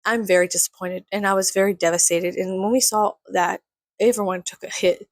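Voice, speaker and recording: A woman's voice: medium pitch, steady tone, a little fast, no echo. A woman, ranting in a heated, sweary, rambling way. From San Antonio, Texas. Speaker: vlogger. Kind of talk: profane casual rant.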